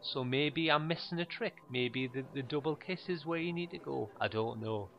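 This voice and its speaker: Gravelly deadpan man doing stand-up. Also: on the high side, normal speed, muffled recording, soft background music. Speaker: stand-up comedian. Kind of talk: stand-up monologue.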